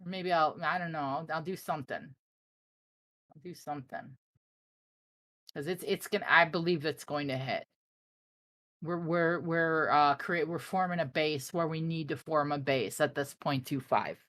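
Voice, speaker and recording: A young woman from the Chicago area with a Chicago accent, running a live trading stream. She talks in a casual, brash way, teasing her viewers in a slightly low voice. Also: normal speed. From Chicago area, USA. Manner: animated, brash and joking with chat.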